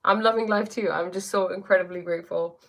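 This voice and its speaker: A woman's voice: fairly low pitch, steady tone, fast, creaky. A woman with an English accent, a spiritual teacher chatting casually on a live stream, reading viewer comments aloud and answering them. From England.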